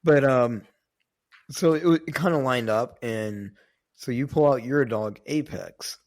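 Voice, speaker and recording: A young man co-hosting a podcast, telling a story in a loose, rambling way. His voice sits at an ordinary middle pitch. He tosses in fillers and the odd curse as he goes. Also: slow pace, a little mellow. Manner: rambling, with many fillers and casual swearing. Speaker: podcast co-host. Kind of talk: casual storytelling chat.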